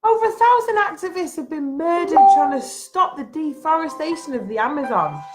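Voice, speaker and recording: High-voiced woman ranting in frustration. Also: animated, brisk. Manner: frustrated, emphatic and repetitive. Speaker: vlogger. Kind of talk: impassioned rant to camera. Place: at home, having just got out of bed.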